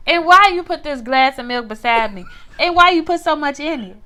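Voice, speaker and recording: A woman's voice: high-pitched, lively intonation, brisk, pushed and bright. A woman co-hosting a casual chat, teasing and playful. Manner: teasing, playful, country-talking. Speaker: podcast co-host.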